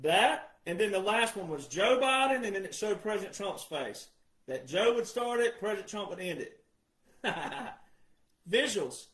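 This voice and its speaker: Male commentator, insistent and repetitive delivery, higher pitch, echoey room sound. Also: animated, normal speed. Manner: insistent, repetitive, addresses "ladies and gentlemen". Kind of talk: emphatic monologue.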